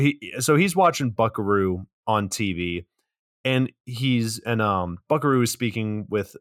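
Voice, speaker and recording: A man co-hosting a podcast, casually recapping a movie in a rambling, relaxed way with some swearing. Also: fairly low pitch, dry recording, clean studio sound. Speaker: podcast co-host.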